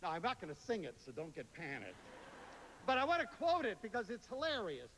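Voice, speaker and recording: A man giving a lively lecture to an audience, telling stories and slipping into playful voices when he quotes people. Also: high-pitched, a little fast. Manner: animated storyteller, quotes others in playful voices. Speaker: public speaker. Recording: hall reverb, faint hiss.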